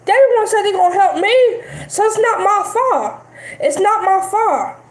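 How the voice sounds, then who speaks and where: High-pitched woman streamer, defiant, keeps repeating herself, echoey room, faint music. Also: animated, moderate pace. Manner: defiant, repetitive, dismissive. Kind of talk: live-stream rant.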